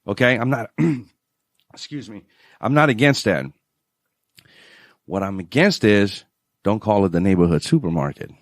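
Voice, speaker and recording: A man with a New Orleans accent, a financial adviser guest on a radio show, telling stories in an animated way and laughing often. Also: fairly low pitch, unhurried, pauses often, no echo, studio quality. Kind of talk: radio interview chat.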